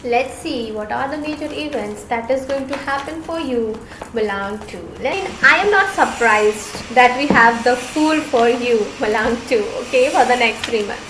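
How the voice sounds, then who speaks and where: A woman's voice: a little high, normal speed, reverberant, noisy background. A woman giving an earnest, reassuring tarot reading to her viewers, often repeating phrases. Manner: earnest, reassuring, repeats herself, gets emotional. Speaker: tarot reader.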